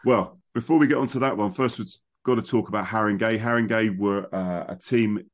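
Chatty bloke hosting. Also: male voice, lowish voice, brisk. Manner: chatty, rambling, laughs easily. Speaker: podcast host. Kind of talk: casual chat among friends.

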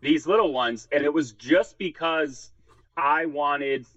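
A man who is a podcast guest, telling rambling, animated stories in casual chat and acting out what others said. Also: fairly high pitch, slow pace, dry recording. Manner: rambling, animated storytelling, acts out quoted voices. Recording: dry, dull lo-fi sound.

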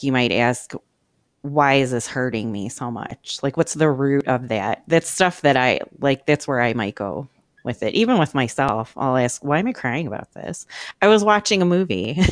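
Host, casual chat, rambling and animated, mid pitch, very dry close recording. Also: moderate pace, no echo. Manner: chatty, rambling, animated storyteller.

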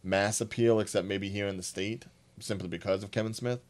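A man's voice: fairly low pitch, fairly even intonation, a little fast. Laid-back New man. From New Jersey. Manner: laid-back, blunt, casual swearing. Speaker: podcast co-host. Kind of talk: casual chat.

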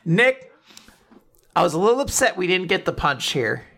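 A man co-hosting a podcast in casual chat, retelling story scenes with lively energy and plenty of swearing. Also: high voice, fast. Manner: animated, retells scenes by quoting characters, swears freely. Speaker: podcast co-host. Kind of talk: casual chat recapping a comic chapter.

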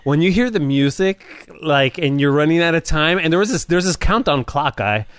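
Man, ex-DJ guest, lively high voice, casual and self-mocking. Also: normal speed, clear, resonant tone, no room sound, clean studio sound. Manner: self-deprecating, laughing often. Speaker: former radio DJ guest. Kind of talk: casual podcast chat.

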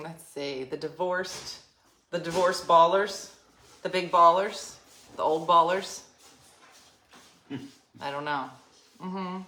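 A woman's voice: fairly low pitch, pushed and bright, roomy sound, a little hiss or hum. A woman in her fifties hosting a show, chatting casually and telling rambling stories with frequent laughs. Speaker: radio show host. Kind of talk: casual chat.

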